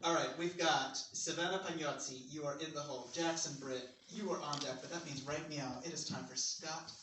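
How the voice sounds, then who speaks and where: A man hosting a comedy show, introducing comics with quick joking patter. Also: fairly high pitch, fairly even intonation. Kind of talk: stand-up emcee banter. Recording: echoey club from far off, loud noise.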